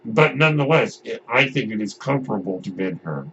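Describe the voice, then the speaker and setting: A man's voice: mid-range voice, expressive, fairly quick, a bit bright. A man hosting a podcast, talking casually about films in a rambling way, often restarting his sentences. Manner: rambling, with frequent restarts and asides. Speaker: podcast host. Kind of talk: casual film commentary. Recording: dull lo-fi audio with faint noise.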